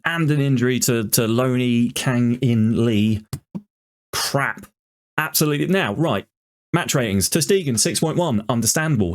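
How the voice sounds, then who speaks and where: A man commentating on his football management game, ranting in exasperation about it. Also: medium pitch. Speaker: gaming YouTuber.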